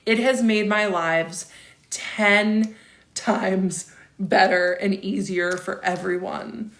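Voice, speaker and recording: A woman's voice: medium pitch, steady tone, slow pace, a bit bright. A woman in her thirties hosting a casual livestream, reading viewer comments aloud and answering them with chatty asides and frequent laughs. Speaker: livestream host.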